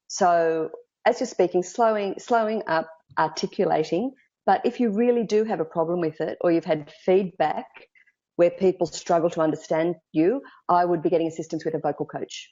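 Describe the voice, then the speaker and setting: A woman with an Australian accent, a public speaking coach giving lively, emphatic advice in an interview over a video call. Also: lowish voice, moderate pace, highs cut off. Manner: lively, emphatic, acts out quoted thoughts.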